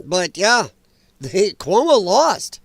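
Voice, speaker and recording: A man's voice: high-pitched, sing-song, very slow, gravelly, no room sound. A man hosting a casual political commentary livestream, chatty and sarcastic, laughing often, his voice a little strained. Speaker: livestream host. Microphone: own microphone.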